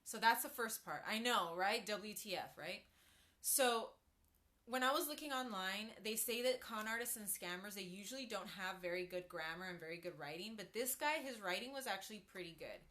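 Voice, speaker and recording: A woman chats to her live-stream viewers in a loose, conversational way, breaking off to greet people as they join. Her voice has a bright, forward edge, and her pitch sits in the middle. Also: normal speed. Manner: chatty, greets viewers mid-story, frequent ums and asides. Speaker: livestreamer.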